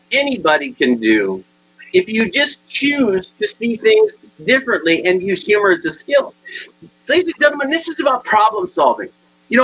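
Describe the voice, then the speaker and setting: Lively, bright-voiced male comic speaker. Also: sits high, slightly rough, poor audio. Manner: animated, acts out both sides of dialogues. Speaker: motivational speaker. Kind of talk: humorous keynote storytelling.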